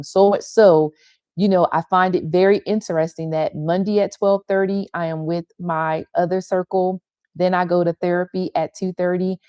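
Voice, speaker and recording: Older woman, pastor leading an online devotional. Tender, repeats lines for weight; lower voice, dry close mic. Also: darkish tone, no echo. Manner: tender and confessional, repeating phrases for emphasis. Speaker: pastor and women's ministry leader. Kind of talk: heartfelt devotional teaching on a livestream.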